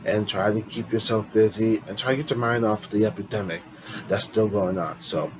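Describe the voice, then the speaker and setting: Low-voiced guy reading his own poems, rambly, keeps restarting, friendly to viewers. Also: moderate pace, background noise. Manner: rambling, with frequent restarts and self-corrections; chatty, speaks directly to viewers as friends. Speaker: poetry vlogger.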